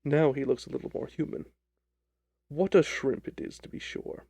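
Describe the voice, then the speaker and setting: Brief: composed, ironic sleuth, gravelly and dark in tone, dry close recording, read by a man. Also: a little high, dry recording, lo-fi sound. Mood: commanding. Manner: measured, dryly ironic. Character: calm, sly, confident male detective. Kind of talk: audiobook reading of a detective story.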